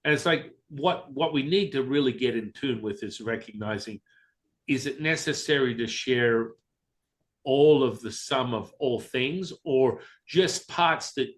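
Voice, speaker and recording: A man's voice: mid-range voice, a little slow. Blunt, candid man telling stories. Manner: candid and blunt, acts out quoted voices, swears casually. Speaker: Taoist teacher, interview guest. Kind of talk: casual storytelling interview.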